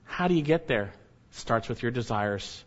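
A man preaching a sermon, emphatic, swinging between loud urging and low hushed warnings. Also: lively intonation, normal speed, lo-fi sound. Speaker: pastor.

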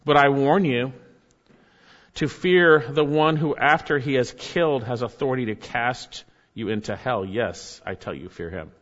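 Male pastor preaching, earnest, dips low and quiet for emphasis; muffled sound with long hall echo. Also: unhurried. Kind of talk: sermon.

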